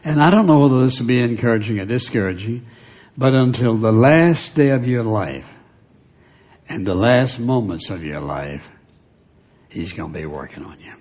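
A man's voice: medium pitch, expressive, normal speed, a little mellow. An older man preaching a sermon in a conversational way, often dropping to a near whisper for emphasis. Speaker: pastor.

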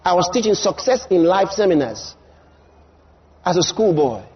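A man preaching a sermon in an emphatic style, repeating his lines and rising to shouts. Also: high voice, sing-song, normal speed, highs cut off.

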